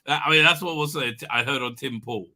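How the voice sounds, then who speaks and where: Hoarse, bright-voiced man rambling. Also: mid-range voice, a little fast. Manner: rambling, many restarts and fillers. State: hoarse from illness. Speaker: livestream host. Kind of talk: casual livestream commentary.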